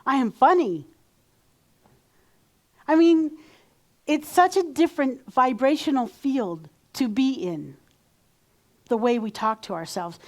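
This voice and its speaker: Woman minister, fairly high voice, conversational sermon delivery. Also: darkish tone. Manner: conversational, acts out quoted self-talk.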